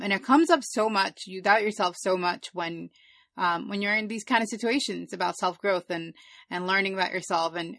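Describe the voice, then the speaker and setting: Relaxed, reflective woman host. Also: fairly low pitch, no echo. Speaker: podcast host. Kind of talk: casual chat.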